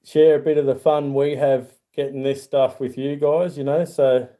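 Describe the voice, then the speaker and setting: A man's voice: medium pitch, little pitch movement, moderate pace, warm tone. A middle-aged Australian man hosting a casual livestream, rambling in a friendly way and reading viewer comments aloud. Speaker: YouTube channel host.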